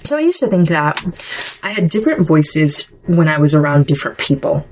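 Low-voiced woman hosting a chatty podcast. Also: big pitch swings, fairly quick, crowd noise, rough recording. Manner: conversational, chatty with digressions. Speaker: podcast host. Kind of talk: solo podcast monologue.

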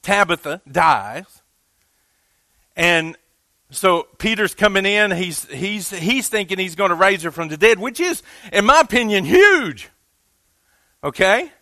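A man's voice: high voice, expressive, measured pace, long pauses, bright, forceful tone, no echo. A man preaching a sermon as pastor in a loose, conversational way, building to emphatic rises on key points. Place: church.

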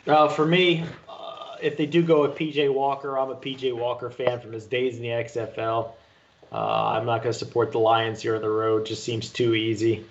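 A man on a betting panel giving his picks in a relaxed way. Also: medium pitch, moderate pace, highs cut off, a little hiss or hum. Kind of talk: casual group chat.

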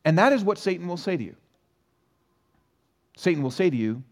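A male pastor delivering a conversational sermon in a church, his somewhat high voice rising and falling with lively energy. He keeps it personal and relaxed, asking rhetorical questions to the congregation. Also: fairly quick, pauses often. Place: church sanctuary.

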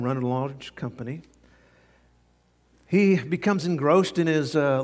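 A man's voice: mid-range voice, long reverb tail. A man pastor preaching a sermon, telling stories in a folksy way with frequent fillers.

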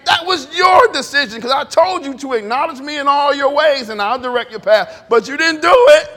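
A preacher acting out an exasperated God who drags out every incredulous question at a sulking believer, in a very high, bright voice with plenty of swing. A long reverb from the hall trails behind each line. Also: male voice, expressive, full character voice. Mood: scolding. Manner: incredulous, drawn-out scolding questions.

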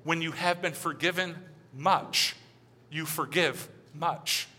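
Middle-aged guy preaching, casual and animated, super bright sharp voice, long echo off the church walls. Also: on the high side, slow pace. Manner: conversational, animated, acts out quoted voices. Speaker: pastor. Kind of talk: sermon. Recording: long hall reverb.

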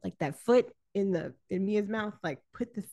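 Woman, podcast co-host, casual film chat, animated, laughs a lot, middle pitch. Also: normal speed, creaky.

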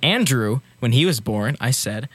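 A woman playing a loud, careless dad in an improvised comedy sketch, yelling and wailing in sudden high bursts. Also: lively intonation, unhurried, husky, exaggerated voice. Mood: lecturing. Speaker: podcast co-host. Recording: noisy recording with hiss.

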